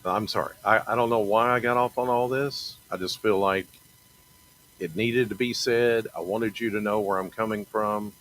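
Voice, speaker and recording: A middle-aged TV meteorologist speaks earnestly about his faith in a halting, personal monologue, often repeating and restarting phrases. His voice is lowish with a fairly bright tone, and the audio is poor.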